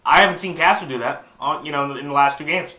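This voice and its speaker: Stuffy-nosed male YouTuber, bright voice, rambling weekly picks, echoey room. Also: on the high side, fast. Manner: rambling, with frequent fillers and restarts. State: stuffed-up nose. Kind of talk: casual sports prediction monologue.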